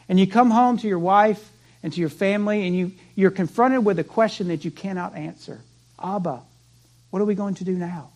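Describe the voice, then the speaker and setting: A male pastor preaching a sermon, telling the story dramatically and dropping to a hush for prayer. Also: sits high.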